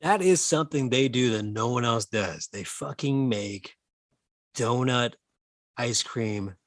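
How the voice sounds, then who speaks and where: A man in his thirties co-hosting a comedy podcast, telling animated stories and swearing freely. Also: medium pitch, measured pace, no room sound. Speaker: podcast co-host. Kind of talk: casual comedic chat.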